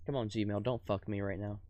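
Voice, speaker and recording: A young adult man, speaking as a commentator, delivers a furious, profanity-laced political rant that lurches between shouting and quiet muttering.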